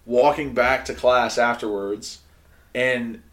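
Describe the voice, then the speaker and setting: A man's voice: medium pitch, fairly even intonation, slow. A young man, a guest and former player, telling a story casually and padding it with fillers.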